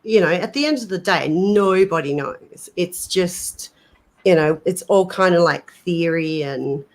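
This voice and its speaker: Slow, low-voiced woman livestream co-host. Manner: hesitant, many fillers and restarts. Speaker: paranormal channel co-host. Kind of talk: casual livestream chat.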